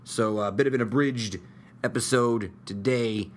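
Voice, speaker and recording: A male podcast host talking in a husky, gruff voice, hoarse from the flu, in casual chat in a studio. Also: medium pitch, unhurried.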